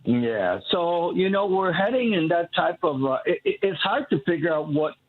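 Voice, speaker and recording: A man's voice: on the high side, slightly rough. A man calling in to a radio show, rambling with many restarts. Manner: rambling, restarts often, acts out quoted people. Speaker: caller. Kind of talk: call-in radio talk. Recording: tinny phone line.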